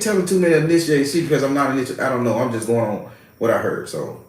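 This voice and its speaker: Brief: middle-aged male host, streetwise storyteller, swings his pitch a lot, roomy echo. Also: quick pace, a little hiss or hum. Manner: profane, animated, streetwise slang. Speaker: spiritual worker and host. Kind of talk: casual storytelling monologue. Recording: very echoey room.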